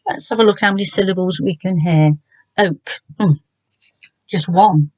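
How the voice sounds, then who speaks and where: A woman's voice: lowish voice, dry recording, highs cut off. Patient English woman teaching children. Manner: gentle, patient, sounds out words slowly. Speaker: primary school teacher. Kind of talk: remote lesson for children.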